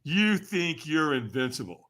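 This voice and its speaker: A man's voice: on the high side, sing-song, unhurried, a bit bright. An older man, a podcast guest, telling a story with energy and acting out the voices of the people in it. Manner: acts out quoted voices, laughs often. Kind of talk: animated storytelling.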